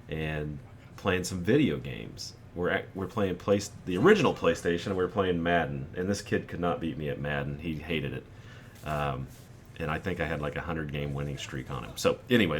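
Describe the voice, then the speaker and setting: This low-voiced man, in his forties, runs a gaming channel and wanders through a personal story while playing, performing the quoted lines. A little background noise can be heard.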